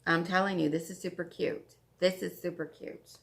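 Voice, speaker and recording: Woman, vlog host, casual chat, gushing, repeats herself, slightly low voice. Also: level tone, moderate pace, creaky. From Canada. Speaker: flosstube host. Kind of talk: casual show-and-tell chat.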